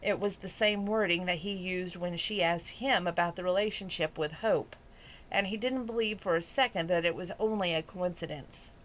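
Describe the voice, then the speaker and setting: A woman's voice: on the low side, normal speed, fairly bright tone, slight background noise. A woman reading a romance novel aloud as a hobby, with casual asides and laughs between passages. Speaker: amateur audiobook reader.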